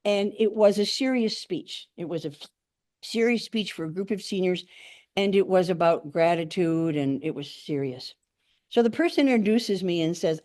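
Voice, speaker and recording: A woman's voice: lowish voice, normal speed, no room sound, studio quality. An older woman giving a humorous speech at a speaking club, acting out the quotes in her stories. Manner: animated storyteller, acts out quotes. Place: meeting room.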